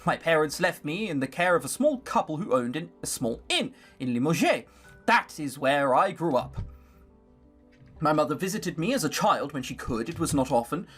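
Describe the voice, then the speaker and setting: A reader voicing a quiet, wistful grown maid in a visual novel, plainly read with no put-on accent. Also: mid-range voice, big pitch swings, moderate pace, husky, faint music behind.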